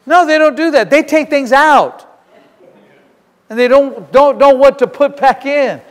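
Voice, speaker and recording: Fervent high-voiced pastor in a reverberant hall. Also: male voice, unhurried. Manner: fervent, emphatic, repeats and restarts phrases. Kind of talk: sermon. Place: church sanctuary. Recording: long reverb of a large hall.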